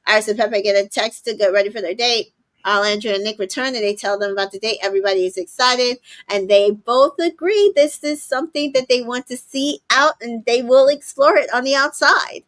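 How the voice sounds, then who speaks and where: A woman co-hosting a casual recap chat, with a slightly high voice. She summarizes events plainly, with frequent ums and exasperated asides. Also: fairly quick, a bit bright. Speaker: co-host.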